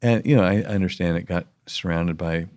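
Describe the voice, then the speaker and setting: A man's voice: low voice, fairly quick, a little mellow. A man co-hosting a casual faith-based podcast, talking earnestly with many restarts and emphatic urging. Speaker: podcast co-host.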